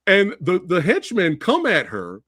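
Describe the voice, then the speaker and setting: A man's voice: sits high, unhurried, breathy edge, no room sound, clean studio sound. A man hosting a podcast, chatting casually and ranting with exasperation as he tells stories. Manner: exasperated, ranting, lively storyteller. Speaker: podcast host. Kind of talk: animated casual chat.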